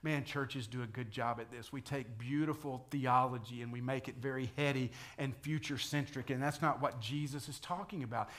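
Man, pastor, sermon, conversational preaching, mid-pitched voice. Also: fairly even intonation, normal speed, few pauses. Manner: conversational preaching, rising to loud dramatic quotes.

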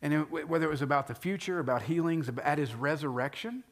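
A man who is a pastor, talking earnestly in a conversational, sermon-like way and slowing down to stress key phrases. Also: fairly high pitch, expressive. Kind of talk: conversational sermon-style talk.

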